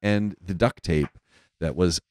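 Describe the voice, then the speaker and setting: Man, podcast host, very low voice, dry close sound, chatty storyteller. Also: unhurried, a little mellow, dry recording. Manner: chatty, storytelling, laughs often. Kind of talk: casual chat.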